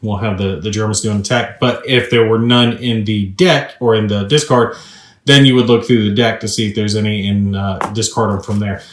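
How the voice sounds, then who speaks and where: A man's voice: fairly low pitch, steady tone, moderate pace. A man reviewing a board game, talking through his moves and the rules in a chatty, upbeat way. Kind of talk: casual tabletop gameplay walkthrough. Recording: roomy echo.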